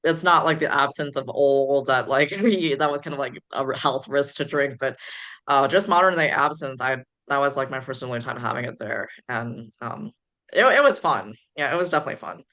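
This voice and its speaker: A woman's voice: extremely low pitch, a little fast, fairly bright tone. A woman from the Chicago area, a podcast guest, rambling through stories with many fillers. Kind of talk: casual podcast chat.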